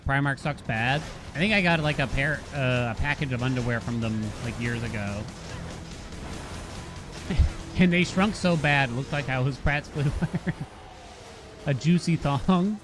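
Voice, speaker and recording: A man's voice: mid-range voice, normal speed, pauses often. A man from Massachusetts with a Boston accent, streaming a game and chatting loosely with viewers, joking and swearing freely. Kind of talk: casual gameplay chat with viewers. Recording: game music playing behind.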